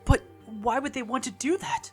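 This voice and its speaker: A woman's voice: high-pitched, moderate pace, a little mellow, soft background music, pitched above the performer's own voice, natural voice. A woman reading the lines of an earnest, anxious teenage boy student who keeps asking questions. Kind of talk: reading game dialogue aloud.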